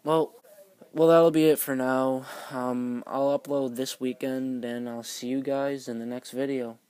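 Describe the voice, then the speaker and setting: A man's voice: mid-range voice, level tone, a little slow, a little mellow, clear, resonant tone, no echo. A teenage boy vlogger telling a school story in a casual, rambling way, full of "like" fillers. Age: teens.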